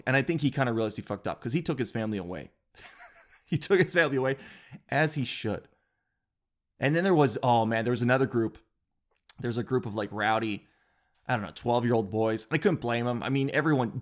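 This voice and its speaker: A man hosting a show, telling a rambling comic story in casual chat, full of fillers and restarts. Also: medium pitch. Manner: rambling, animated, with filler words and self-interruptions.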